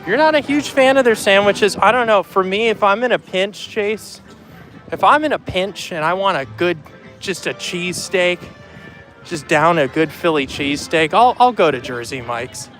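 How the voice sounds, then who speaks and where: A man's voice: sits high, normal speed, fairly bright tone, faint music behind. A man hosting a casual live vlog outdoors in a theme park. He chats freely on a handheld phone and greets viewers by name as he walks. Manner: chatty, greets viewers by name while walking. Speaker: livestream host.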